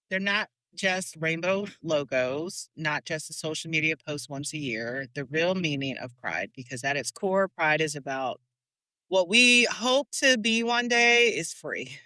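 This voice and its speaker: A woman hosting a casual podcast chat, a lively storyteller who laughs often and swears casually at her desk microphone. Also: deep voice, measured pace, dry recording. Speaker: podcast host.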